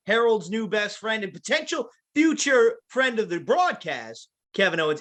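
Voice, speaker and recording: Podcast host guy, brightish voice, hammy announcer style intros. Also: high-pitched. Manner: playful showman, wrestling-announcer flourishes. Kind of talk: casual podcast chat.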